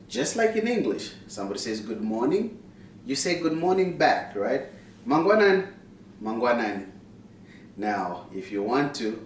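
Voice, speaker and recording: A man from Zimbabwe giving a casual video language lesson, upbeat and repeating words to drill pronunciation. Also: on the low side. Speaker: language teacher. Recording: roomy echo, distant mic, faint background noise.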